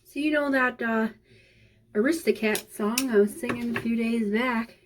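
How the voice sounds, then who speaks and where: A woman's voice: fairly high pitch, normal speed, background noise. A woman chatting casually as she cooks in her home kitchen, rambling and talking to her cat. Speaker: vlogger. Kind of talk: casual cooking vlog chat.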